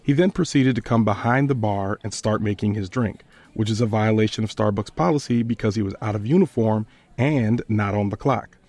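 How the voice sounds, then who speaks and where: Gravelly-voiced man telling a story. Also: fairly low pitch, darkish tone, no echo. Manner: measured, earnest retelling. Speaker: podcast host and storyteller. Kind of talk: personal storytelling narration.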